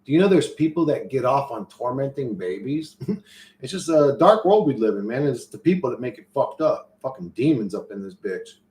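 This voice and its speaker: A man's voice: mid-range voice, very animated, moderate pace, a little mellow. A man hosting a stream, telling a rambling story in loose, profane street slang with many restarts and reading out chat comments. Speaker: livestream host reading chat. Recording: roomy echo.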